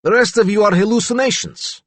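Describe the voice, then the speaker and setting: A boastful young prisoner growls out his taunts in a voice pushed well above his usual pitch, as a male audiobook narrator puts him on. The delivery is loud and mocking, with a dry close sound. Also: brisk, no room sound. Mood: taunting.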